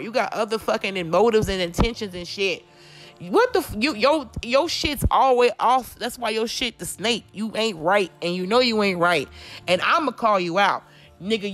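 A woman's voice: a little high, fairly bright tone. A woman doing a casual tarot reading, talking bluntly and confrontationally with lots of swearing. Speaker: tarot reader.

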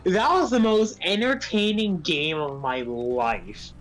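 A woman gaming on stream, chatting casually and telling an animated story. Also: fairly low pitch, slow, slight background noise, poor audio. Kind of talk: casual chat while gaming.

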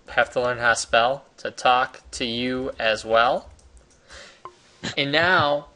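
A man's voice: mid-range voice, pushed and bright. A man from the United States hosting a casual, enthusiastic tutorial while sharing his screen. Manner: enthusiastic, chatty, salesy. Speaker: host.

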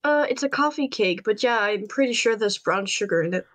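A woman's voice: mid-range voice, lively intonation, a little fast, a bit bright. A woman chatting over a voice call, teasing and laughing often. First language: Danish. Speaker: guest on voice chat. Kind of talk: casual chat.

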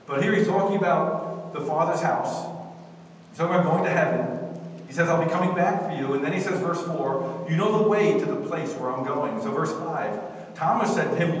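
Recorded from far off in an echoey church sanctuary, a pastor with a voice on the high side preaches at normal speed. He's emphatic and uses call-and-response, with slight background noise in the mix.

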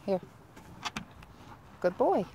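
A woman dog trainer explaining a grooming-table exercise, breaking into loud, excited praise and cues for the dog. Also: drawn-out words, a little hiss or hum. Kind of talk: hands-on training demo.

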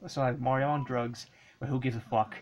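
A woman giving casual commentary while playing an old handheld game, excitable and swearing and yelling at the screen. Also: a bass voice, brisk. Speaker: let's play gamer.

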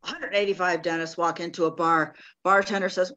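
A woman's voice: fairly low pitch, moderate pace, few pauses, fairly bright tone, no echo. A woman playing an improv joke game on a video call, doing playful character voices in her bar jokes. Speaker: improv player.

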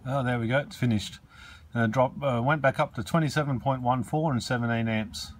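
A man's voice: mid-range voice, fairly even intonation, a little fast. A man, casually talking through a home battery test and reading out meter numbers in an offhand way. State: out of breath. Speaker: DIY battery vlogger. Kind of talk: casual video demonstration.

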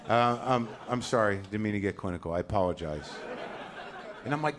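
A man's voice: medium pitch, animated, normal speed. A man in his forties doing a stand-up comedy set on stage, ranting neurotically and acting out little scenes. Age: 40s. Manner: neurotic, ranting, acts out voices. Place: comedy club stage before a live audience.

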